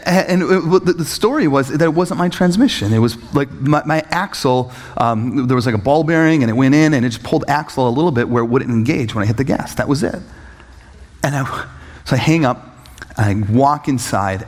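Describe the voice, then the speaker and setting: A man preaching a sermon as he tells a personal story, acting out voices and leaping up in pitch when excited, laughing at times. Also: moderate pace, slight background noise. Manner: animated storytelling, acts out voices, jumps high when excited. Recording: echoey hall reverb.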